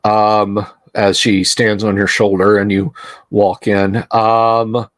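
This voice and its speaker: A man narrating a tabletop game as game master, describing scenes deliberately with some restarts. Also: fairly low pitch, little pitch movement, no room sound.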